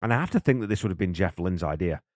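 A man's voice: sits low, lively intonation, very fast, no room sound, clean studio sound. A man, a drummer, casually and enthusiastically breaking down a song's rhythms, counting beats aloud. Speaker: drummer and host. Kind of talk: casual music breakdown commentary.

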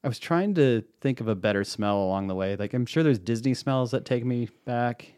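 A man's voice: medium pitch, brisk, a little mellow, clear, resonant tone, no echo, clean studio sound. A middle-aged man co-hosting a casual podcast over wine, telling rambling stories and correcting himself as he goes. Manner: rambling, self-correcting storyteller. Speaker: podcast co-host.

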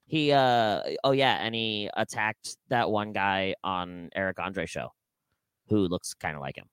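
A man co-hosting a comedy podcast, riffing in a deadpan, drawn-out way in casual chat. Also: lowish voice, clear, resonant tone, dry recording. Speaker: podcast co-host.

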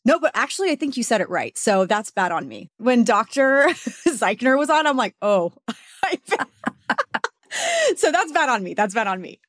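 Lively laughing woman, dry sound. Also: fairly high pitch, moderate pace, no echo. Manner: animated, laughing often, playful. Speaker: podcast co-host. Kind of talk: casual chat.

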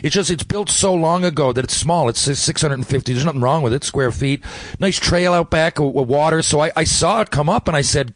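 A man's voice: mid-range voice, fairly quick, no echo. A middle-aged man from Newfoundland with a Newfoundland accent, a guest telling stories in a loose, rambling way with many restarts, talking remotely from his home. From Newfoundland, Canada. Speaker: actor, guest. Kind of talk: casual interview chat. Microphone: remote interview from home.

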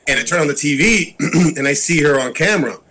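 A man, an actor and podcast guest, telling a story in casual chat, eager and quick, repeating words as he goes. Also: a little high, bright, forceful tone.

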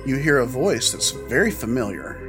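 A man's voice: mid-range voice, very animated, normal speed, music in the background. Rambly man running a tabletop game. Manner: loose, rambling description with many fillers. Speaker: game master.

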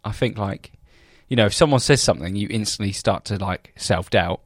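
A young man with a lowish voice rambles through his thoughts, full of restarts and self-doubt. The sound is close and dry. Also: brisk, no room sound. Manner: rambling, self-deprecating, hesitant. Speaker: podcast co-host, business owner. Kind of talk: casual chat.

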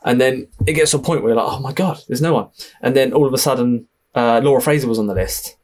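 A young man with an Essex accent, a film director chatting in a podcast interview, telling lively stories with laughs and the odd swear. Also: medium pitch, fast talker. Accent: Essex English. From Essex, England.

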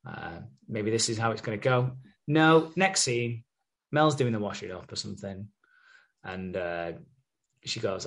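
A man's voice: mid-range voice, big pitch swings, moderate pace, gravelly, a bit bright. A young man with an ordinary mid-range voice chatting on a podcast. He recaps soap episodes in a loose, sweary way. Now and then he briefly takes on the characters' voices as he goes. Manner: sweary, recaps scenes by acting out characters' lines. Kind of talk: casual chat.

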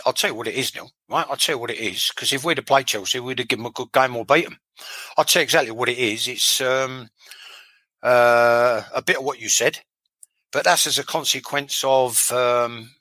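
A man's voice: medium pitch, brisk, pushed and bright, dry recording, low-quality recording. A man, a former footballer telling blunt, sweary stories in a casual interview, often repeating himself.

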